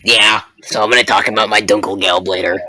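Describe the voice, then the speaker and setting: A young man chatting on a podcast with slow, deadpan jokes. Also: on the low side, no room sound. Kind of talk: casual chat.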